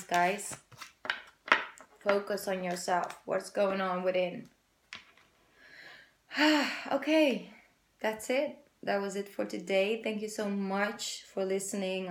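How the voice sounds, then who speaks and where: A woman's voice: lowish voice, echoey room. A woman giving a casual tarot reading to her viewers, chatty and rambling, with the odd swear word. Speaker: tarot reader.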